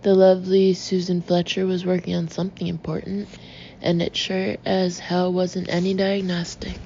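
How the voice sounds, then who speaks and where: A woman narrating an audiobook in a slow, measured, even reading. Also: fairly low pitch. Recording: dull lo-fi audio with faint hiss.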